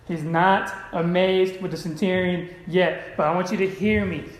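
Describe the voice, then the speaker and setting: A man's voice: sits high, steady tone, normal speed, echoey room, poor audio. A man preaching a sermon, calling out to his congregation. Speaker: pastor.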